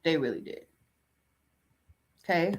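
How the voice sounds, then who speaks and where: A woman's voice: low voice, lively intonation, slow. Sassy woman gossiping on a podcast. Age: young adult. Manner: chatty, sassy, reads news aloud and riffs on it. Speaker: podcast host. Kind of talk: casual gossip commentary.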